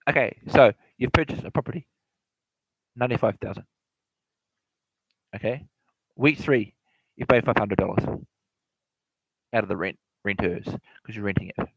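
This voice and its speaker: A man with a lowish, slightly rough voice talks at a moderate pace with long pauses, offering property investment advice in a meandering, repetitive, informal lecture. He often corrects himself and addresses the listener directly, over poor audio with no room sound.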